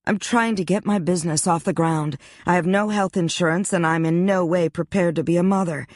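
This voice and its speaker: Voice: medium pitch, steady tone, a little fast, no room sound, studio quality, voice pushed up, natural voice. Narrator doing Pippa, a rueful anxious young woman.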